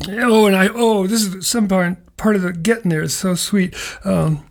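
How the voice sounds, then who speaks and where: A man's voice: high voice, fairly even intonation, normal speed, vocal fry. Folksy rambling man hosting a nature segment. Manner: rambling, folksy, chuckling asides. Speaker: radio show host. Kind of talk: casual spoken nature segment.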